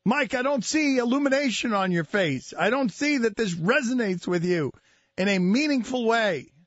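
High-pitched, animated male sports talk host; dry, dull studio mic. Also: normal speed, no echo. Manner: animated, excitable, mock-shouting.

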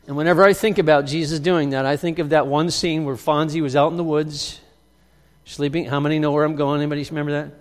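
A man preaching a sermon as pastor, emphatic, swinging from loud outbursts to quiet, drawn-out lines. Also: fairly high pitch, steady tone, in a large hall.

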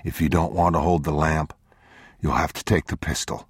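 A man's voice: moderate pace, slightly rough, no echo, studio quality, exaggerated voice. A man playing a weary, protective father. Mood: steady. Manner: low, steady, reassuring.

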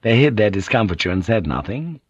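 A man narrating an audiobook in a measured, even storytelling manner. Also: lowish voice, breathy edge, no echo, muffled recording. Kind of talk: scripted narration.

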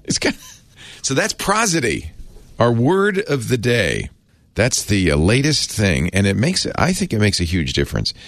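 Gravelly low-voiced man, chatty and wry. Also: huge pitch swings, moderate pace, a bit bright, no echo. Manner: chatty, wry, laughs at himself, trails off and restarts. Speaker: host explaining a word of the day. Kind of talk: casual explanatory talk.

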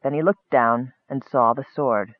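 A man narrating a fantasy story in a steady, measured audiobook reading. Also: mid-range voice, no echo, phone-quality sound.

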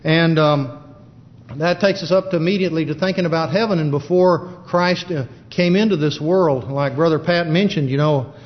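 Guy preaching bible study, slightly high voice, lots of ums, dull lo-fi church recording w/ long echo. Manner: halting, plain-spoken Bible teaching with many fillers. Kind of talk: sermon.

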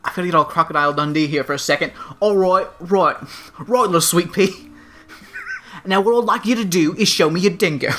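A man voicing a sleazy, pushy Australian bloke with a put-on Australian accent, forceful and bossy. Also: sits high, brisk. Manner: forceful, bossy, creepy sweet-talk.

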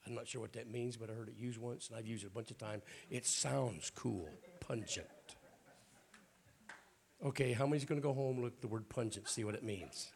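A man's voice: mid-range voice, fast, vocal fry, few pauses, a little mellow. An older man with a Southern accent preaching a sermon in a folksy, joking way. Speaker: bishop preaching.

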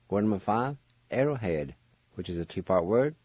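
A man's voice: fairly low pitch, sing-song, moderate pace, a little mellow, breathy edge, dry recording, lo-fi sound. A man hosting a radio lesson, spelling and pronouncing words syllable by syllable, repeating each one with care. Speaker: radio host teaching language. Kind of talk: slow instructional spelling and pronunciation.

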